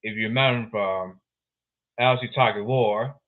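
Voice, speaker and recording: A man hosting his own podcast, talking through sports clips in a rambling, excitable way and repeating himself. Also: on the low side, normal speed. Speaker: podcast host. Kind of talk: casual solo podcast commentary. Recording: tinny phone-like sound.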